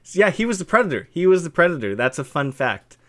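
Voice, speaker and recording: A young man with a lisp hosts a stream interview with a guest, his voice fairly high, bright, sing-song and fast. The chat is casual and he rambles loosely, filling it with fillers.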